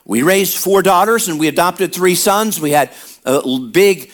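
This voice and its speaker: A man's voice: high-pitched, moderate pace. A middle-aged man, preaching a sermon in a conversational way and checking in with the congregation. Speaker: pastor.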